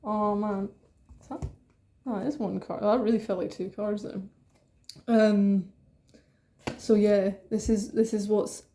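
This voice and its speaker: A woman giving an excitable, rambling tarot reading, swearing freely and breaking into asides. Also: medium pitch. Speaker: tarot reader. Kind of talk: casual tarot reading to camera.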